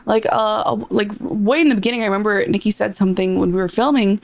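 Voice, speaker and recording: A young woman, a podcast co-host, chatting casually and warmly, laughing often. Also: medium pitch, quick pace, gravelly, no echo. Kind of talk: casual chat.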